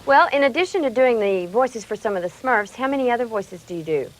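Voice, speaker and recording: A woman's voice: fairly high pitch, lively intonation, fairly quick, low-quality recording. A woman from Brooklyn co-hosting, asking questions in a playful, giggly casual chat. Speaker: co-host interviewer.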